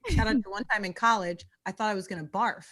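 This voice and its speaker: A young woman hosts a casual livestream chat with musicians. She tells stories with quick asides and keeps the talk moving. Her voice sits at an ordinary middle pitch and is recorded close and dry. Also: fairly bright tone, no echo. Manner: chatty, storytelling, quick asides. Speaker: comedian interview host.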